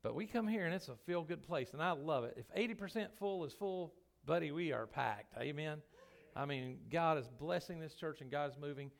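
A man's voice: fairly high pitch, expressive, normal speed, gravelly. A man, a pastor, preaching a sermon in church in a folksy, emphatic way with many restarts. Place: church sanctuary.

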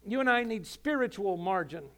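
A man's voice: high-pitched, lively intonation, normal speed, fairly bright tone. A male senior pastor giving a sermon in a folksy, conversational manner.

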